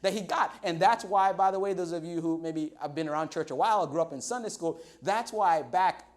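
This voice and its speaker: A man's voice: high voice, a little fast. A man preaching a sermon as pastor, conversational and humorous, often checking in with "right?".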